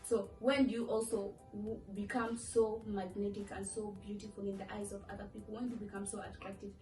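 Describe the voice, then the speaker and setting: A woman's voice: mid-range voice, level tone, brisk, warm tone. A young woman vlogging in a chatty, playful way, acting out quoted voices as she talks. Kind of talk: casual talk to camera. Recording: echoey room from far off with faint music.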